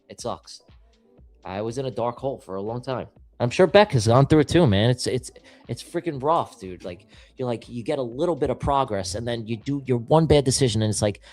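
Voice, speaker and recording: A man's voice: mid-range voice, lively intonation, brisk, a little mellow, faint music behind. A man hosting a live trading stream, giving blunt, emphatic advice with plenty of swearing. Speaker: trading show host. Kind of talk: casual live-stream chat.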